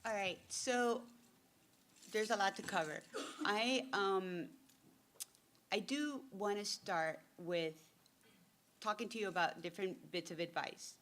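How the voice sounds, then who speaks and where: A woman's voice: mid-range voice, slow, pauses often, fairly bright tone, slight background noise. A woman giving a casual, joking workshop talk as a retail buyer and consultant. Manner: chatty, joking storyteller.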